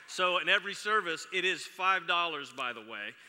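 A man's voice: sits high, expressive, moderate pace, sharp tone, a faint crowd. A man in his forties preaching a sermon, telling chatty, self-deprecating stories about his family. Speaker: pastor. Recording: long reverb of a large hall.

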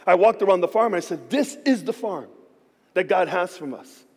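A man preaching and telling a story to his church. He acts out the voices in his dialogue, moving between hushed lines and shouts. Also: high-pitched, animated, moderate pace, slightly rough. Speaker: pastor. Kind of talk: sermon storytelling. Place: church sanctuary. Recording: hall reverb.

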